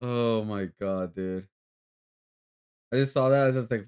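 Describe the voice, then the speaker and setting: Dude streamer reacting to clips, swears a lot, laughs, middle pitch, super casual. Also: male voice, slow pace, long pauses, darkish tone, clean tone. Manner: loose, profane, laughing reactions.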